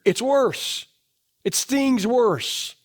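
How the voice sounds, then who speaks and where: A middle-aged man preaching a sermon in a church, asking the congregation question after question, his voice dropping low and soft to drive points home. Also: expressive, extremely slow. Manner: emphatic, asks the congregation rhetorical questions. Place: church sanctuary.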